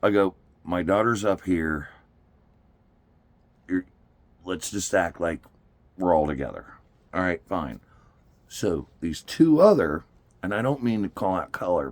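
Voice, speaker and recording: Deep guy telling a story, voice swings all over, laughs a lot, dry close sound. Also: measured pace, pauses often, no echo. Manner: animated, laughing often, acts out quotes. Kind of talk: casual storytelling.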